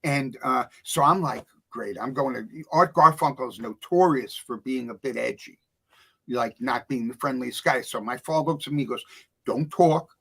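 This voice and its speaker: A middle-aged man, a guest author telling stories in casual chat, animated and acting out the voices of others. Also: mid-range voice, vocal fry. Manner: animated storyteller, acts out voices.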